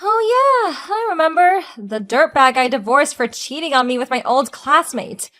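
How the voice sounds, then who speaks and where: Woman playing a sarcastic divorced wife, higher voice. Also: animated, unhurried, fairly bright tone, soft background music. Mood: mocking. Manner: sarcastic, cutting, mocking. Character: sharp-tongued divorced woman mocking her ex. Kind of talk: audio drama acting.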